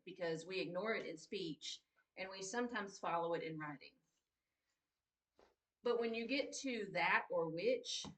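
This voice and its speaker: A woman's voice: fairly low pitch, fairly bright tone. A woman teaching a writing class, patiently repeating key points and checking that her students understand. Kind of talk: classroom grammar lesson. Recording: roomy echo, distant mic.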